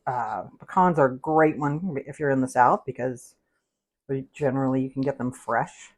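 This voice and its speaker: A chatty woman with a low voice hosts a casual cooking livestream from her home kitchen. She talks through the recipe with loose, rambling asides and laughs easily. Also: moderate pace. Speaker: cooking show host.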